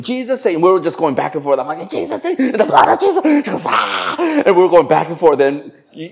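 A male pastor telling a story in a sermon, animated and swinging between raised and hushed delivery. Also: a little high.

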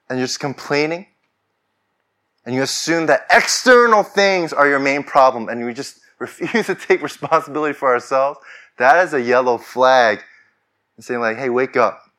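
A man's voice: medium pitch, sharp tone. A man preaching a sermon as pastor, talking conversationally and rising to fervent declarations.

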